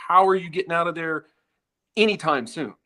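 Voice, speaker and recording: A man's voice: on the high side, brisk, bright, forceful tone. A man speaking as a guest in a live Q&A, earnest and prone to stammering restarts. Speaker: guest, retired FBI agent. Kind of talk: live Q&A discussion.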